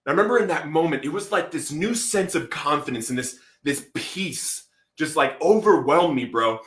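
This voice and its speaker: A man with a slightly high voice tells his story as a podcast guest. He is animated and acts out what people said. He drops "bro" between phrases, and the room echoes around him. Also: normal speed. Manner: animated, acts out quotes, says "bro" often. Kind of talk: storytelling testimony.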